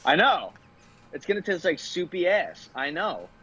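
A man's voice: high-pitched, sing-song, a little slow, pushed and bright, slightly rough, dull audio. A man who is a guest on a podcast, joking and bantering in casual chat.

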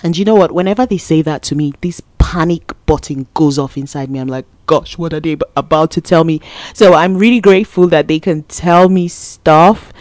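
Low-voiced woman giving a motivational talk. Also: moderate pace, dry recording. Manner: conversational, repeats words for emphasis; laughs and grows animated when telling stories. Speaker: motivational speaker.

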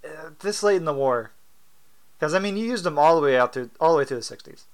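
A man's voice: on the high side, expressive, fast talker, clear, resonant tone. A man co-hosting a casual movie commentary, joking, laughing often and trading quips with friends. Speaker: podcast co-host.

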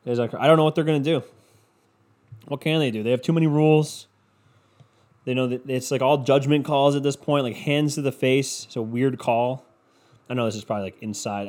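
A man's voice: medium pitch, a little mellow. A man ranting in a sarcastic, profane, rambling comedic monologue as a podcast host. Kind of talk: comedic rant.

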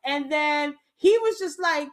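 A woman's voice: high voice, measured pace, slight background noise. A woman in her thirties telling a profane story in casual chat, laughing often and talking with lots of energy.

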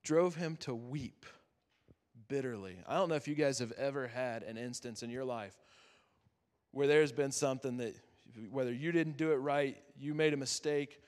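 A man preaching as a youth pastor, earnest and conversational, with dramatic pauses that drop to a near-whisper. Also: mid-range voice, a little mellow. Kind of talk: sermon. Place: chapel. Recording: long chapel reverb.

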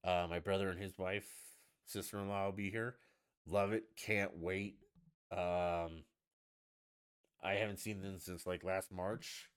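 A man's voice: sits low, level tone, a little slow, smooth. A man hosting a casual solo podcast from the United States, ranting bluntly and swearing freely. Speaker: podcast host.

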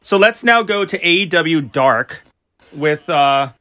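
A man hosting a casual podcast chat. His voice sits high for a man and has a bright, forceful edge. He steers the talk with steady, knowledgeable remarks. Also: slow pace. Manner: leads the discussion, knowledgeable, steady. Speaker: podcast host.

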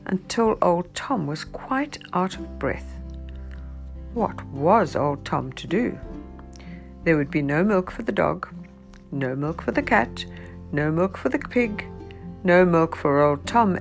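Female storyteller reading a picture book aloud, gravelly low voice, sing-song delivery. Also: animated, measured pace, faint music behind.

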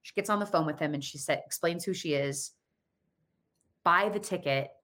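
Woman, thirties, lower voice, personal storytelling, acts out dialogue. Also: moderate pace, a bit bright.

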